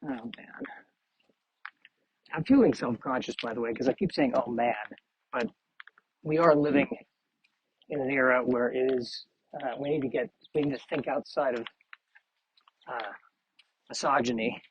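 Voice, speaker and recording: In a muffled, lo-fi recording made outdoors on a street, a man hosts a solo podcast while walking. His mid-range, slightly rough voice is animated and normal in speed, pausing often as he meanders through self-deprecating musings.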